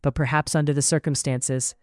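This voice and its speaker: A narrator voicing a spirited young woman heroine in an audiobook, in a measured read. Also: mid-range voice, flat delivery, dry recording, clean studio sound, natural voice. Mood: curious.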